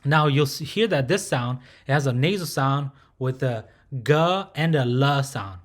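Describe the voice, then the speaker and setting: In a mid-range voice and measured pace, a man teaches pronunciation, going over every sound patiently and regularly making sure the learner is keeping up.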